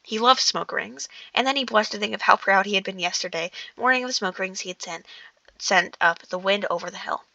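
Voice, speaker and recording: A woman reads a book aloud in a casual, unpolished way, tripping over words, restarting lines and drifting into chatty asides. Her voice is bright with a gravelly edge. The sound is dry and close, recorded indoors in a dark room. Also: mid-range voice, brisk, dry recording, highs cut off. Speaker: audiobook reader.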